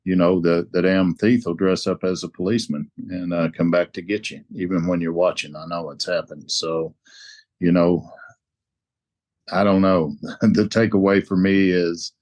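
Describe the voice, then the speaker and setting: Deep-voiced man speaking with an accent. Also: steady tone, moderate pace, darkish tone. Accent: non-native. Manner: emphatic, repeats key words. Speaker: roundtable participant. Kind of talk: casual recovery-meeting sharing.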